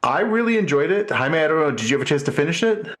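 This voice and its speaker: A man's voice: on the high side, expressive, fast talker, a bit bright. A middle-aged man co-hosting a podcast in casual chat, rambling with many restarts and fillers. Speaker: podcast co-host.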